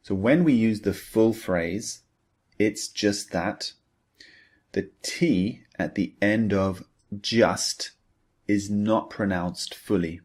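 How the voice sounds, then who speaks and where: A man teaching an English lesson, explaining patiently in a measured way and asking the listener rhetorical questions. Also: on the low side, darkish tone.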